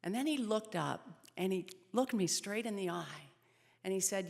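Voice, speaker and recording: Speaking at a pregnancy center event, a woman in her thirties tells her personal story earnestly and grows softer when it turns sad. Her gravelly, mid-range voice is expressive at a normal speed, echoing with the long reverb of the event hall.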